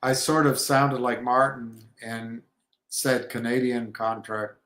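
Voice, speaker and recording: A man talks through markets and trading in a loose, rambling way, stopping and restarting his sentences as he goes. He speaks slowly and unhurriedly at a middling pitch, and the room around him gives the voice a noticeable echo. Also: steady tone, fairly bright tone. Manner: halting, many restarts and fillers. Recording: echoey room.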